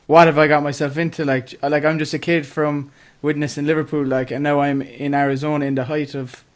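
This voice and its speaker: A man's voice: a little high, flat delivery, fairly quick. A man hosting a podcast, asking eager, rambling questions. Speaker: podcast host. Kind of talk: casual chat.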